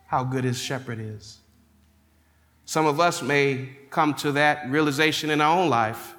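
A man preaching a sermon, reading scripture and rising into emphatic, drawn-out declarations. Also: a little high, a bit bright. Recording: long hall reverb.

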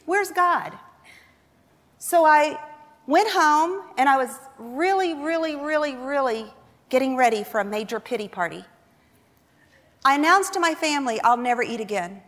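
A woman giving a humorous testimony sermon to a Christian women's gathering, telling her story in a lively, self-mocking way. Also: high-pitched. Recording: long reverb of a large hall.

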